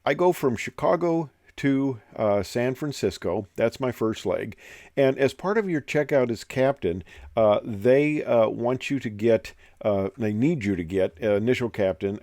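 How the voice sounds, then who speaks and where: A man's voice: medium pitch, lively intonation, slow pace, warm tone, dry recording, studio quality. An older man who flew as an airline captain tells stories from his career in a casual, rambling way, full of fillers and digressions. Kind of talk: casual storytelling.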